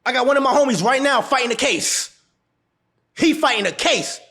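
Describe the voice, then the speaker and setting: A man with a fairly high voice delivers a casual advice monologue straight to camera. He talks bluntly and with a lot of swing in his pitch. He laughs often and repeats phrases to drive each point home. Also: animated, moderate pace, pushed and bright. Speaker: relationship advice vlogger.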